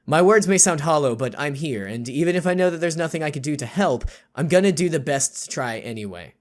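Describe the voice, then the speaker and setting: A man's voice: a little high, animated, a little fast. A man reading a text game aloud with jokey, sarcastic, rambling asides. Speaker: YouTube gamer.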